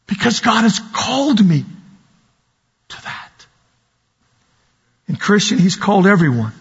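A man preaching a sermon in a church hall, slow and emphatic, repeating key words. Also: sits high, very animated, breathy edge. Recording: dull sound with long hall reverb.

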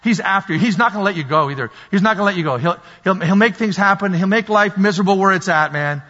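Male pastor, high husky voice, fervent repetitive sermon delivery, dull recording with a long echo. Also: fast, pushed and bright. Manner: impassioned, repetitive preaching, acts out quoted voices. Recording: dull lo-fi sound with long hall reverb.

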